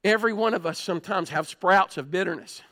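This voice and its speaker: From a church pulpit, a male pastor with a high-pitched voice preaches a sermon at a fairly quick pace. He tells stories earnestly, swinging between loud and hushed.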